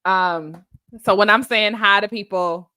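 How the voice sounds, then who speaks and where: A woman hosting a casual live stream, greeting viewers by name and chatting in an animated way, often laughing. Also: mid-range voice, a little slow, clear, resonant tone, dry recording.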